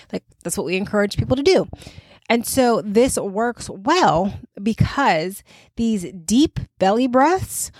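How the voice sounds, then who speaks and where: A woman's voice: mid-range voice, no echo, clean studio sound. A woman host giving a casual devotional talk, chatty and full of "right?" and "okay?" tag questions. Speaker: podcast host.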